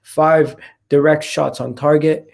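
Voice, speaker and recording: A man hosting a casual football fan chat, excitable and given to repeating and restarting his phrases. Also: a little high, takes it slowly, gravelly. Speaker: fan channel host.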